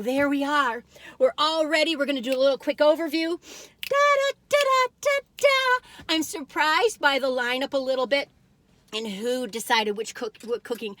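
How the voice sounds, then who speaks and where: A woman's voice: on the high side, a bit bright, no room sound. A woman chatting casually in a taste-test vlog, bubbly and giggly, full of chatty asides. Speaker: food review vlogger.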